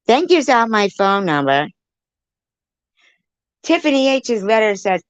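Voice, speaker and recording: A woman's voice: a little high, very animated, a little slow, pauses often, clear, resonant tone, no echo. A woman livestreaming a heated, profane rant, snapping back at people in her chat. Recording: dull lo-fi stream audio.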